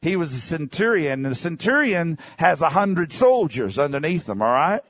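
A man preaching a sermon, reading scripture and retelling it in plain talk, dropping to low murmurs and rising to high shouts. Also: sing-song, normal speed, few pauses, dry recording. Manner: reads scripture aloud and paraphrases it in plain talk.

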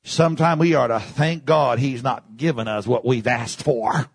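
A man preaching a sermon with a gravelly, husky voice pitched a little high. He repeats phrases for emphasis and swings from shouted peaks down to low, quiet passages. The sound is dry and close. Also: normal speed, no room sound.

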